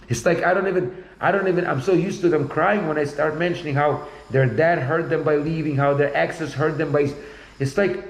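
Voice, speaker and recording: A man's voice: on the high side, fairly even intonation, brisk, echoey room, rough recording. A man in casual conversation, talking bluntly and rambling, often repeating himself.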